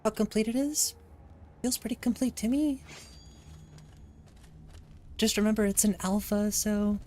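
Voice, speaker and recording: A woman casually commenting on her gameplay as a streamer, chatty and relaxed, thinking aloud as she plays. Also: medium pitch, unhurried. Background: soft lofi music.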